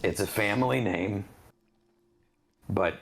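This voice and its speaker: A man's voice: lowish voice, slow, gravelly. A man playing in a tabletop game who drawls and swears casually. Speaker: player.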